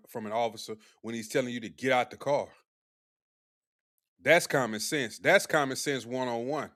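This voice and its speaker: A man's voice: mid-range voice, a bit bright. Combative young man on a live stream. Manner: blunt, combative, preachy slang-heavy delivery. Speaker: livestream commentator. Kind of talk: live-stream commentary reacting to chat.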